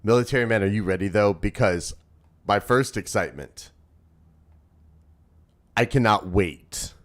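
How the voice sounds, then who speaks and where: A man in his thirties chatting casually on a live stream as its host, rowdy and profane, teasing his chat and swinging between loud shouts and low mumbles. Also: measured pace. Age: 30s.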